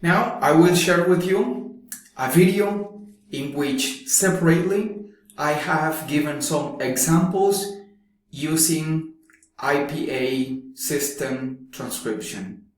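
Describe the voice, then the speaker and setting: A man teaching a phonetics lecture, repeating words carefully to show how they are pronounced. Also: a little high. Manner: slow, demonstrating pronunciations by repeating words. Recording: very echoey room.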